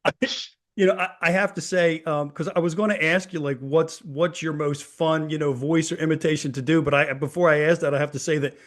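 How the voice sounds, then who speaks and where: A man with a fairly high voice, hosting a relaxed interview. He talks in loose, rambling sentences, often doubling his words, and laughs easily along with his guest. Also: fairly quick. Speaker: podcast host. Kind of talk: casual interview chat.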